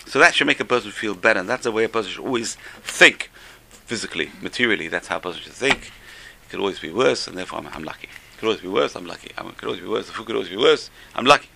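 A man with a lowish, gravelly voice and a very bright, forward tone gives an informal religious talk. He seems to be a rabbi teaching a class. He tells stories in a chatty way, repeats his key phrases and chuckles between points. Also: expressive, very fast, slight background noise.

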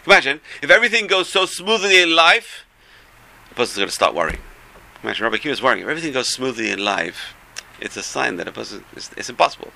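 Gravelly, animated man telling a religious story. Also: mid-range voice, fairly quick, pauses often, slight background noise. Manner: animated storyteller, swinging between loud bursts and soft asides. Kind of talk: storytelling Torah talk.

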